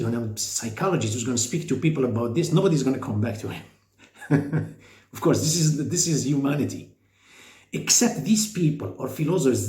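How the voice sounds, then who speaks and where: A man giving an informal spiritual lecture, emphatic and full of rhetorical questions. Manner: animated, emphatic, with sudden pitch jumps and rhetorical questions. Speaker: speaker on faith and psychology. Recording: echoey room.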